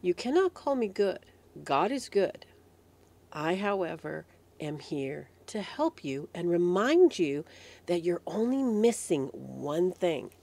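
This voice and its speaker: A woman doing a gentle, loving teacher. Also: on the high side, takes it slowly. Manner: loving, calm.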